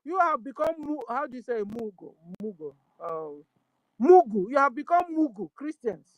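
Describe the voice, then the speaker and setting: A woman's voice: sits high, sing-song, normal speed, darkish tone, no room sound, low-quality recording. Fervent Nigerian woman, dry close sound. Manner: preaching, rhetorical questions, repeats phrases, mixes in Igbo. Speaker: guest speaker. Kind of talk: impassioned call-in discussion.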